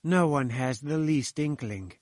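A man reading a sly, nervous male inventor with a smooth, wheedling manner. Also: mid-range voice, animated, unhurried, a little mellow, no echo, close to an everyday voice. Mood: guarded.

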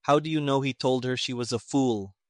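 A man voicing a sarcastic, irritated older army colonel who talks gruffly and emphatically. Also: mid-range voice, brisk, dry recording, clean studio sound, close to an everyday voice.

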